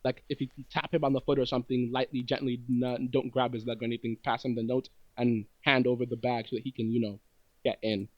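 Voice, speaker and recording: A man playing a tabletop game, slowly laying out a plan and rambling as he goes. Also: medium pitch, flat delivery, no room sound, lo-fi sound. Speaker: player. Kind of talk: casual tabletop play.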